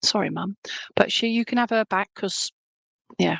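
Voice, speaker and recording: A woman's voice: medium pitch, moderate pace, gravelly, a bit bright, dry recording. A woman giving a live clairvoyant reading as a spiritualist medium, chatty and rambling, often checking in with the listener.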